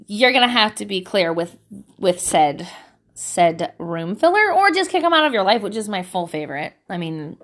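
A slightly high voice belongs to a woman in her thirties vlogging life advice at home. Chatting casually to camera, she swears, stays animated and acts out voices in her stories.

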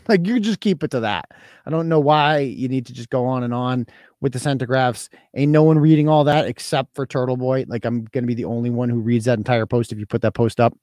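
A man's voice: mid-range voice, brisk, a little mellow, no room sound. A man hosting a casual livestream, talking in a crude, mocking, profane way. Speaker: host.

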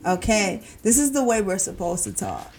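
A woman's voice: medium pitch, lively intonation, moderate pace, gravelly, darkish tone. A woman from Brooklyn with a New York accent, co-hosting a casual radio chat in a brash, teasing way. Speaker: radio show co-host.

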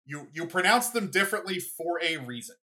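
A young adult hosting a solo sports podcast, talking off the cuff at a mid-range pitch. The delivery is loose and rambling, full of fillers and restarts. It keeps tipping into excited asides. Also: fairly quick. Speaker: podcast host.

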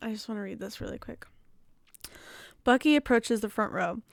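A woman's voice: medium pitch, lively intonation, moderate pace, gravelly, no echo, clean studio sound. A young woman co-hosting a casual book podcast, reading excerpts aloud and giggling often. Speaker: podcast co-host.

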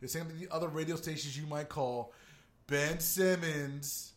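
A man's voice: on the high side, a little slow. A man hosting a casual sports podcast, brash and emphatic, talking straight to his listeners. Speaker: podcast host.

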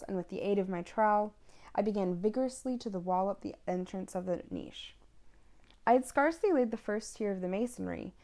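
A woman reading a classic short story aloud in a measured, hushed dramatic way. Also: medium pitch, creaky. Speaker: reader.

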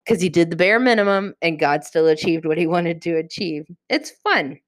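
A woman hosting a podcast, teaching a casual Bible study in a lively, chatty way and acting out the characters. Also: on the low side, normal speed, few pauses, no room sound, studio quality. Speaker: podcast host.

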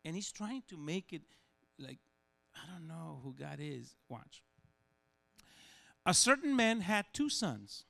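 A man preaching a sermon, animated and humorous, acting out little scenes and voices as he goes. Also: on the high side, takes it slowly, gravelly, pauses often. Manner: animated, acts out voices and dialogue, humorous asides.

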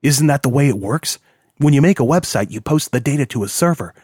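A man playing a level-headed profiler who calmly reasons things through and asks questions, heard in a dry, close read at a middle pitch. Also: fairly quick, husky, no echo. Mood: reasoning. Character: calm, reasoning male criminal profiler.

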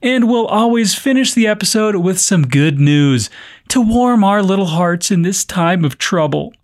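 A man hosts a news podcast for language learners, reading stories clearly and breaking in with playful, wry asides. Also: sits high. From North America. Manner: playful, wry comments between read stories. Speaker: podcast host.

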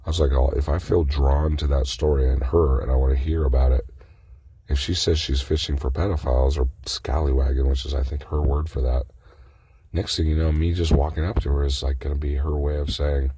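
Man, extremely low and gravelly, husky edge, swearing and worked up in an off-the-cuff monologue. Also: fairly even intonation, fairly quick, mellow, no room sound. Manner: profane, agitated ranting. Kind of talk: casual unscripted monologue.

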